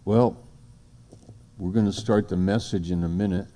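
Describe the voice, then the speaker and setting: A man's voice: low voice, steady tone, moderate pace, dark tone, slight background noise. A man preaching an informal sermon, rambling and conversational. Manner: rambling, conversational, acts out little dialogues.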